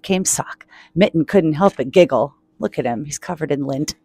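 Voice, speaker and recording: Woman reading a picture book, playful, hushed, a bit low, dry close sound. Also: expressive, normal speed, husky, no echo. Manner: playful, quiet and giggly. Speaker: children's book reader. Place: public laundromat.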